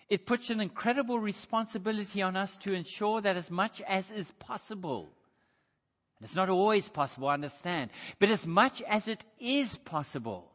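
A man's voice: high voice, fairly bright tone. A man preaching a sermon, earnest, asking his listeners rhetorical questions and reading scripture aloud. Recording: dull sound with long hall reverb.

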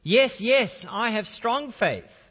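Panicked cliff-hanging tourist put on by a preacher, frantic, pleading, higher voice, muffled echoey church sound. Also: male voice, lively intonation, slow, a bit bright, slightly rough, full character voice.

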